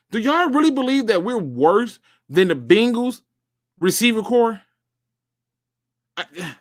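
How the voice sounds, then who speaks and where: A man hosting a solo sports talk show, speaking straight to his viewers and reacting as he reads. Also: high-pitched. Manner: animated, talks to viewers directly, reads out and reacts.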